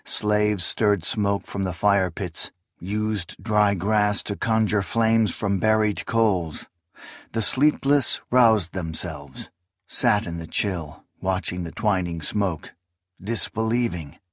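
Slow, deep-voiced male fantasy narrator. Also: dry recording, studio quality. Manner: solemn, deliberate. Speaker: audiobook narrator.

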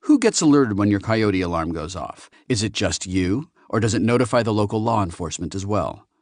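A man voicing a menacing male hired criminal who gives cold, matter-of-fact commands, in a lowish, dry voice. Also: animated, brisk, no room sound, close to an everyday voice.

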